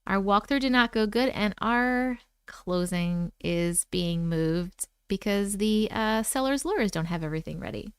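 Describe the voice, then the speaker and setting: A woman hosting a casual livestream at home from her computer, greeting viewers one by one by name, sounding low on energy. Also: unhurried, few pauses, clear, resonant tone, no room sound, studio quality. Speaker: livestream host.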